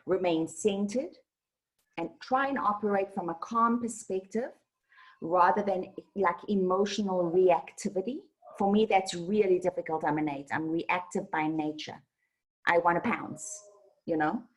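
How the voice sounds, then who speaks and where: A woman who is a spiritual teacher, giving practical advice in a casual satsang talk with animated, lively delivery. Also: fairly low pitch, a little slow, rough recording.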